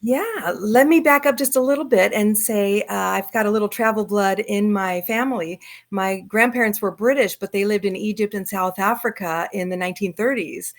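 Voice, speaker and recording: A middle-aged woman from Southern California, a guest telling her travel stories in lively fashion over a video call. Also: medium pitch, normal speed. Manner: lively storyteller acting out quoted voices. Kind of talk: storytelling in an interview.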